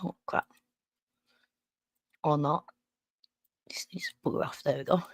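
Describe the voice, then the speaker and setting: Woman host reacting to clips, sarcastic and sweary, lowish voice, close dry sound. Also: fairly even intonation, a little slow, no room sound. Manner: sarcastic, sweary, talks back at the clip. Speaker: streamer host. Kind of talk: reaction commentary.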